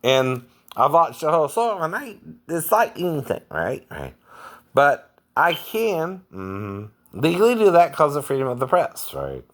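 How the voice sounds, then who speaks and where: A male impersonator rambles casually to his viewers, slow and unhurried, and his pitch rises and falls a lot. He keeps tagging his points with "right?" and laughs between them. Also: wildly swooping pitch. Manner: keeps asking "right?", chuckles often. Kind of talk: casual vlog monologue.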